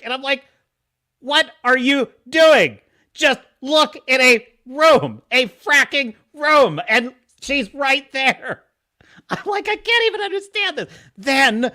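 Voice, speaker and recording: A man's voice: high-pitched, sharp tone. A man hosting a podcast, recapping a show in casual commentary, sarcastic and exasperated, mocking the plot and acting out lines in put-on voices. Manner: acts out quoted dialogue in put-on voices. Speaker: podcast host.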